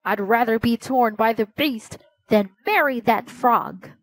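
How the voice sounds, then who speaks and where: A woman's voice: a little high, unhurried, no room sound, rough recording. A woman doing a spiteful older princess. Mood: scornful.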